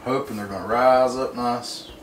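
A man with a steady, medium-pitched voice at normal speed hosts a casual cooking demonstration in his home kitchen, easygoing, folksy and rambling. The mic sits at a distance in the roomy space, and there's a little hiss or hum.

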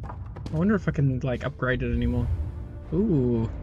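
A man's voice: medium pitch, animated, moderate pace, lo-fi sound, over music. A male game streamer giving casual, rambling commentary with stammered restarts and swearing.

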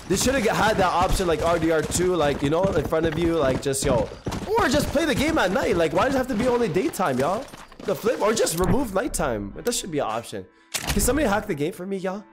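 Hoarse, excitable young male streamer. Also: sits high. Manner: chatty, excitable, slangy. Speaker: gaming streamer. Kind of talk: live gameplay commentary. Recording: noisy stream audio with clicks.

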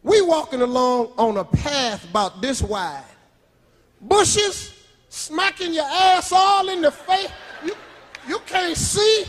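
A man doing a stand-up comedy routine, telling a story loudly and shouting punchlines on a live stage. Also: very high-pitched, lively intonation, slow pace. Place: large theater with live audience. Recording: live stage recording with audience laughter and noise.

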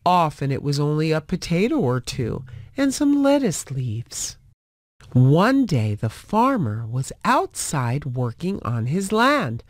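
A woman reading a fairy tale aloud as narrator, with a slow, clear and expressive delivery for English learners. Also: deep voice, no echo, clean studio sound. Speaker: storyteller.

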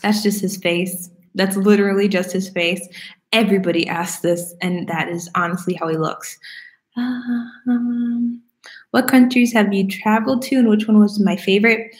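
A young woman from Florida, casually answering viewer questions at home, chatty and animated, laughing often. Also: medium pitch, normal speed. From Florida, United States. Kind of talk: casual Q&A chat. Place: room at home. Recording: roomy echo.

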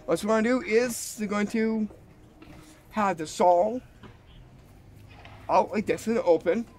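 A man's voice: high voice, slow pace, a little mellow, slight background noise. A man hosting a casual magic trick tutorial, eager and showing each step as he goes. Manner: eager, repeats "like this" while demonstrating.

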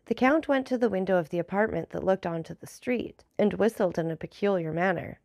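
A woman narrating a classic novel as an audiobook in a measured, formal reading. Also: mid-range voice, creaky, a little mellow, dry recording, studio quality.

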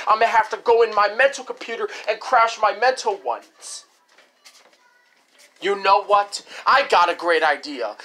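A woman's voice: mid-range voice, fairly bright tone. A woman hosting a home-made radio show, ranting angrily with lots of swearing and repetition. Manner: profane, repetitive, escalating frustration. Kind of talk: angry rant.

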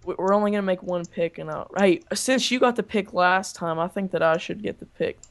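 A man's voice: sits high, brisk, smooth. A young man chatting casually while playing a game with a friend, joking and suspicious of the game's traps. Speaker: co-player. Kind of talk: casual gameplay chat.

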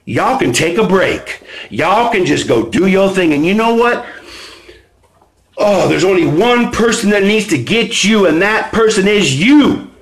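A man with a high voice gives a motivational talk on a live stream. He reads from his book and chats with viewers in low, casual asides. Then he bursts into loud, emphatic preaching. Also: lively intonation, a little slow, low-quality recording. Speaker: host reading from his book. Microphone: phone or webcam on a live stream.

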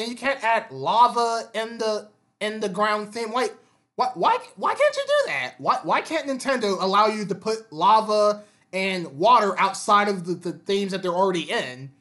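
High, bright-voiced man ranting. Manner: frequent stammering and repeated words; exasperated rhetorical questions. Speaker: gaming commentator. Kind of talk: unscripted opinion monologue.

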